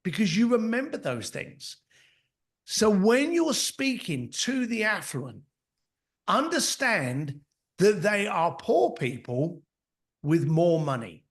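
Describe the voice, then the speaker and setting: A middle-aged author and mentor appears as a podcast guest, telling blunt anecdotes conversationally and acting out what others said. His voice is high-pitched with big pitch swings, and he speaks slowly.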